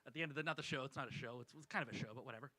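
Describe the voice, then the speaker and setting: A man's voice: mid-range voice, racing, pushed and bright, no echo, poor audio. A man doing a wry, self-deprecating stand-up set on a small club stage into a stage mic. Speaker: stand-up comedian.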